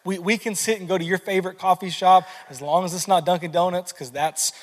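Male pastor, 30s, high voice, lively conversational sermon, long hall reverb. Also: fairly quick. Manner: energetic, conversational preaching with many repeated words.

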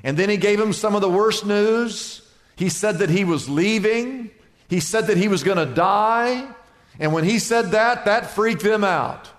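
A male pastor preaching a sermon, acting out worried voices and calming replies with dramatic swings. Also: high voice, a little slow. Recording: echoey hall with long reverb.

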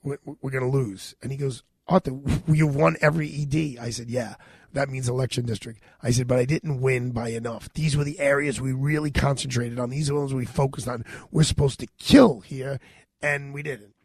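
Gravelly-voiced New man, 50s. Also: mid-range voice, a little fast, dry recording. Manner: animated, retells dialogue in his own voice. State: sore throat. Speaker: radio show host. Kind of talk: personal storytelling monologue.

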